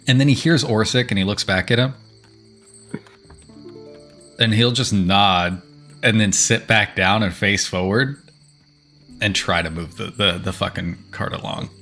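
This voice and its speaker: A man's voice: lowish voice, moderate pace, pauses often, pushed and bright, faint music behind. Swearing, rambling male player. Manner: rambling, swears casually, many restarts. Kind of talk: casual tabletop play.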